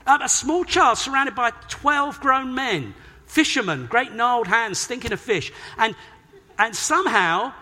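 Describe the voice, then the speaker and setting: Animated British preacher in a reverberant church. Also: male voice, sits high. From Britain. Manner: animated, emphatic, acts out quoted voices. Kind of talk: sermon. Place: church hall. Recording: long hall reverb.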